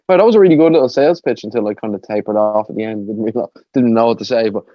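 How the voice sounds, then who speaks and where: A man's voice: lowish voice, very fast, hardly any pauses, no echo, dull audio. A man with an Irish accent, co-hosting a podcast in laid-back casual chat, saying "like" a lot. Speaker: podcast co-host.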